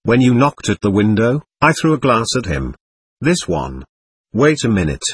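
A man voicing a feverish, delirious young man who rambles in an agitated, brooding way, with a husky voice. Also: fairly low pitch, sing-song, normal speed, dry recording.

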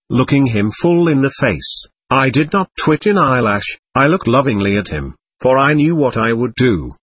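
A male narrator reads a classic novel aloud in the first person, with an earnest and expressive manner. His voice is slightly husky and his pitch moves a great deal from line to line. The recording is dry and close. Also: dry recording.

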